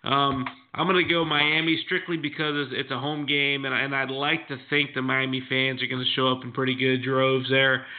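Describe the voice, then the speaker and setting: Man doing sports chat, stumbles and restarts a lot, middle pitch, phone-line sound. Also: little pitch movement. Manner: halting, with frequent restarts. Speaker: sports podcast co-host.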